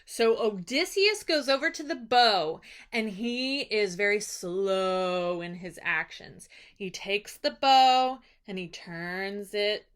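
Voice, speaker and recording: A woman's voice: mid-range voice, lively intonation, takes it slowly, few pauses, clear, resonant tone. A young woman teacher giving a casual, chatty lesson recap with plenty of enthusiasm.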